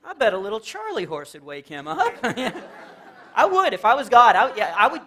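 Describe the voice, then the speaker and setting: A middle-aged man from Texas doing live Christian stand-up in a church, telling stories with lively acted-out quotes. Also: sits high, brisk, a faint crowd. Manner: animated storytelling with acted-out quotes and laughs. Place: church hall with a live audience.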